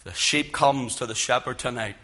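A man preaching a sermon in a church, with a loud, carrying voice that swings from emphatic peaks to low, hushed lines. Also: moderate pace. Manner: impassioned, rising to loud emphatic peaks then dropping low. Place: church with speakers.

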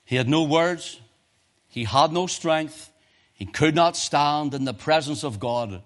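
A man preaching a sermon, swinging from quiet, urgent asides to impassioned cries, quoting scripture in old-fashioned wording. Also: on the high side, slow. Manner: archaic scripture quotations in King James wording.

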